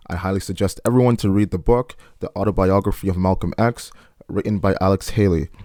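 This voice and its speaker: A man with a fairly low voice talks on a podcast, his tone earnest and measured. The sound is close and dry, with no room echo, as he builds his point and sets up each quote he reads. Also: a little mellow. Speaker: podcast guest speaker. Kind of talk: explanatory podcast talk.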